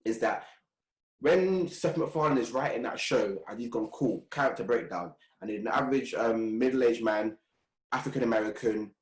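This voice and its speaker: A young man co-hosting a podcast, relaxed and slangy, laughing easily in casual chat. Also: medium pitch, moderate pace. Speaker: podcast co-host. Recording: roomy echo.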